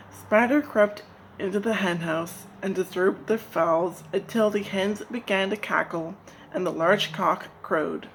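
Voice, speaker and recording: A woman from Nigeria reading a folk tale aloud in a slow, gentle, expressive way. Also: mid-range voice, slight background noise, rough recording. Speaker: storyteller. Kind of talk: storybook narration.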